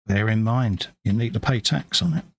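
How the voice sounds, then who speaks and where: A man's voice: on the low side, normal speed, creaky, breathy edge, no room sound. A British man hosting a live stream, chatting casually and muttering asides to himself as he paints models. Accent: British English. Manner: chatty, mumbling asides to himself while working. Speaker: livestream host painting models. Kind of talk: casual chat while painting.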